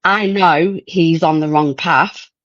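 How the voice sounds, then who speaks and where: A woman's voice: deep voice, takes it slowly, fairly bright tone, no echo. A woman from the East Midlands of England with a thick East Midlands accent, calling in and talking in a hesitant, rambling way. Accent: East Midlands English. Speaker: caller. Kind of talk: casual phone-in talk. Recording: dull, dry lo-fi call line.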